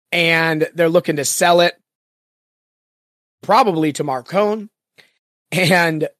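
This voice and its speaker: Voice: mid-range voice, dry recording. Rambling podcast host, dry mic. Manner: rambling, jokey. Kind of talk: casual chat.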